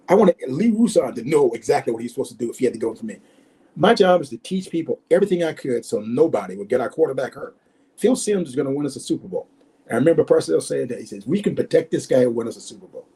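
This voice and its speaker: An older man in his sixties, a former football player, tells stories in an interview with lively swings in pitch, jumping into the voices of the people he quotes. His voice is mellow and slightly husky. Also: poor audio. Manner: animated storyteller, acts out quoted voices. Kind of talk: storytelling interview.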